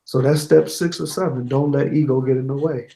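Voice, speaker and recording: A man being interviewed, telling a candid, animated story about his own setbacks and quoting others as he goes. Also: mid-range voice, brisk, creaky, roomy sound, rough recording. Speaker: guest, certified network engineer.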